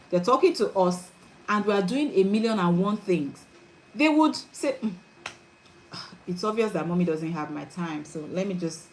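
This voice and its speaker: A woman's voice: mid-range voice, a little mellow, slight background noise, low-quality recording. A middle-aged woman, a parenting coach, giving an earnest and emphatic teaching talk and often checking that listeners follow.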